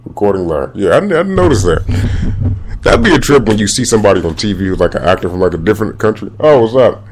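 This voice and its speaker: Man, podcast host, rambling casual movie talk, lowish voice. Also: animated, quick pace, background noise. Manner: rambling, restarting, slangy.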